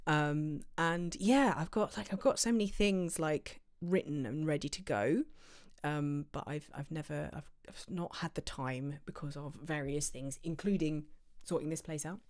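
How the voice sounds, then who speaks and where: Low-voiced woman rambling on a stream. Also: a little slow, darkish tone. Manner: rambling, chatty, full of fillers and tangents. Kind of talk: casual livestream chat. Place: home office.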